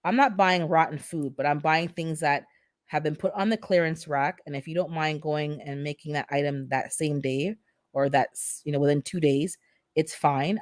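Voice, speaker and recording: A woman's voice: sits low, no room sound, clean studio sound. A middle-aged woman who immigrated to North America, hosting a casual livestream and chatting back to her viewers' comments. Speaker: livestream host reading the chat.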